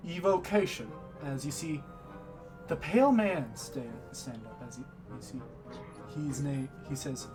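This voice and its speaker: Slow, deliberate man running a tabletop game. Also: mid-range voice, a little mellow, soft background music. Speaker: game master.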